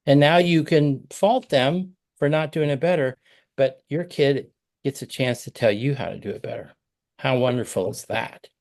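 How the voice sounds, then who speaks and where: A man's voice: mid-range voice, normal speed, a little mellow. Man coaching parents over a video call. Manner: conversational, acts out example phrases.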